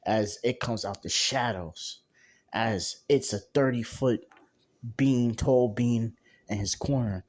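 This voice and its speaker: A man's voice: mid-range voice, takes it slowly. A man casually narrating an improvised fan story, stringing scenes together with a loose, repetitive way of talking. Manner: casual, repeats "as he's like".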